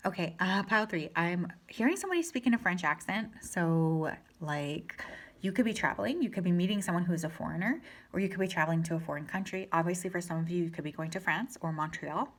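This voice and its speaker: Soft-spoken woman giving a tarot reading. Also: lowish voice, animated, fast. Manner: gentle, reassuring, chatty with fillers. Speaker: tarot reader.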